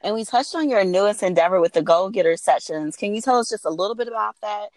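Woman podcast host; upbeat, encouraging, quick delivery. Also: mid-range voice, a little mellow, no room sound, poor audio. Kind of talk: casual podcast interview.

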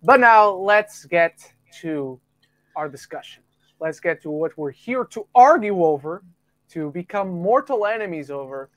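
A man from the UK hosting a casual podcast, reading out listener rankings with quick jokey asides. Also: a little high, expressive, no echo. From United Kingdom. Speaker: podcast host.

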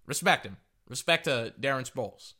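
Guy podcasting about football, really bright voice, rambles and restarts a lot. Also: mid-range voice, moderate pace. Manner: rambling, restarts, excited outbursts. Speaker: podcast host. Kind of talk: casual sports commentary.

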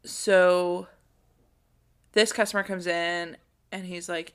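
A woman's voice: fairly low pitch, gravelly, a bit bright. A woman co-hosting a podcast, retelling a TV episode in casual chat and quoting the characters' lines as she goes. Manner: plot-summarizing, acting out characters' lines in quick quotes. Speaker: podcast co-host. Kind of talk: casual chat recapping a TV show.

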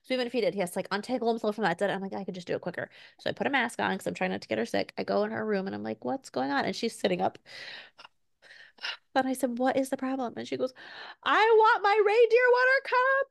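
Brief: fast, lively woman podcast co-host with a gravelly edge, dry close sound. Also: mid-range voice, dry recording. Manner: animated storyteller, acts out her toddler's voice. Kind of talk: casual chat.

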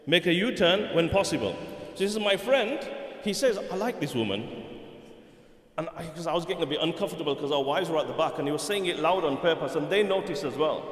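Preacher in a ringing hall. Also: male voice, on the high side, quick pace. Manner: animated storyteller, swings between loud and hushed. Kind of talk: sermon storytelling. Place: mosque hall. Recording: echoey hall.

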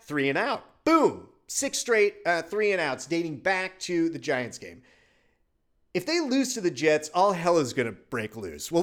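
On his casual sports podcast, a Wisconsin host with a high, slightly bright voice goes on exasperated rants full of profanity.

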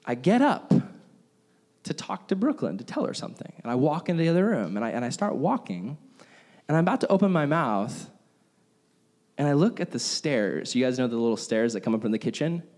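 A young man preaching a casual, conversational sermon and telling stories, animated and acting out his own reactions. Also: mid-range voice, a little fast. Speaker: pastor. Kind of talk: sermon with personal storytelling.

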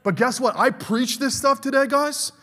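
A man's voice: very high voice, moderate pace, sharp tone, big-room sound. A middle-aged male pastor preaching a fervent sermon, calling out to the congregation for amens.

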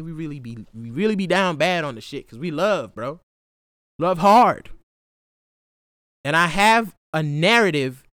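A young man hosting a podcast, talking through a raw, profane solo monologue that swings from hushed to loud outbursts. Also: on the high side, no room sound, studio quality. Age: young adult. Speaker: podcast host.

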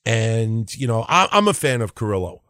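A man hosting a solo wrestling podcast, ranting in an animated, profane way at a desk microphone and mocking people in put-on voices. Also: mid-range voice, moderate pace, dry recording, studio quality. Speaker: podcast host.

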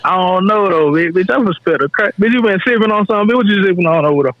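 Fast-talking, blunt male podcast guest. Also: sits high, lively intonation, phone-quality sound. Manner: blunt, teasing, fast slang. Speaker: podcast guest, rapper and filmmaker. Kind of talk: casual podcast chat.

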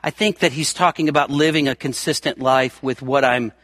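A middle-aged man preaching a sermon as a pastor, emphatic, repeating words for stress and swinging from loud calls to quiet asides. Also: medium pitch, brisk, dry recording, studio quality.

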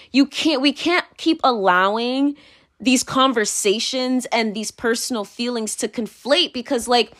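A woman's voice: on the high side, a bit bright. A woman vlogging her opinions in a rambling, heated, profane rant full of fillers.

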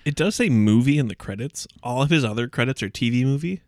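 A man co-hosting a casual movie-review podcast, cracking dry deadpan jokes. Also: medium pitch, fast talker, dry recording. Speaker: podcast co-host.

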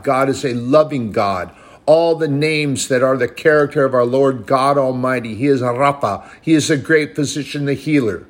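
Guy preaching a sermon, quotes scripture, gets loud and fired up at times. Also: medium pitch. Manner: scripture-quoting, rises to emphatic.

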